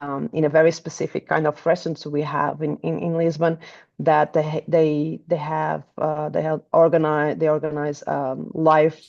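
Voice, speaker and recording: A woman's voice: deep voice, little pitch movement, normal speed, vocal fry, darkish tone, lo-fi sound. A woman with a Portuguese accent, a tour guide chatting in an interview, hesitant with many restarts. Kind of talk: casual interview chat.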